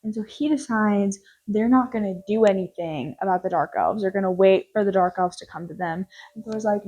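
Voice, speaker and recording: A woman's voice: medium pitch, moderate pace, darkish tone, low-quality recording. Young female film reviewer, casual and rambling, with a jokey, off-the-cuff delivery.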